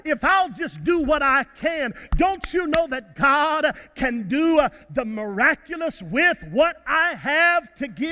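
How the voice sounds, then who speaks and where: A male pastor preaching a sermon in a church, stumbling over fillers and repeats, then rising to shouts. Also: very high voice, in a large hall. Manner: repetitive, many fillers, bursts to shouts. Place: church sanctuary.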